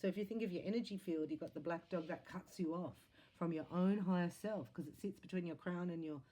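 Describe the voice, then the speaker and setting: A low-pitched woman with a warm, mellow voice gives a psychic reading straight to her viewers. She talks in a chatty, excitable way, breaking into laughs and quick exclamations as she goes. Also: a little hiss or hum. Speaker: psychic tarot reader. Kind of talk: spiritual reading monologue to camera.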